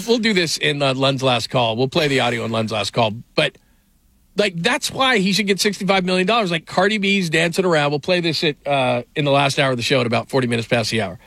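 A gravelly, slightly high male voice, pushed and bright with no echo, belongs to a middle-aged sports radio host. He chats casually about sports, telling meandering stories packed with fillers, restarts, and frequent laughter.

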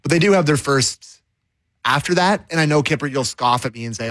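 A man co-hosting a sports talk show, weighing things aloud in a casual, drawn-out way. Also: fairly high pitch, a bit bright, dry recording. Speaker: sports radio co-host.

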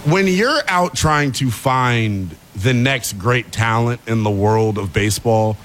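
A man co-hosting a casual podcast, teasing his friends in an animated way. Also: mid-range voice, takes it slowly, slight background noise. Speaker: podcast co-host. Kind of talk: casual chat.

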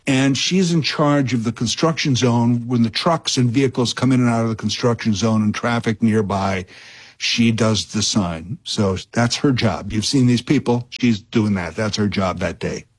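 Husky-voiced radio host rambling. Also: male voice, mid-range voice, moderate pace. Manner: rambling, chatty storyteller with many fillers and restarts. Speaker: fill-in radio talk show host. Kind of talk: casual radio talk and anecdote.

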